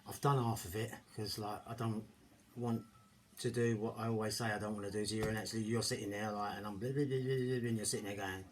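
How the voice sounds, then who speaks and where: Jokey, rambling home-cooking vlogger, middle-aged, faint room noise. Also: male voice, lowish voice, little pitch movement, quick pace. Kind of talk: casual chat to camera. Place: home kitchen, indoors. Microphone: camera mic.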